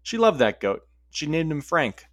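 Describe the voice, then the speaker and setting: A man's voice: a little high, sing-song, normal speed, a bit bright, no room sound, clean studio sound. A man narrating a story in a casual way, with wry asides.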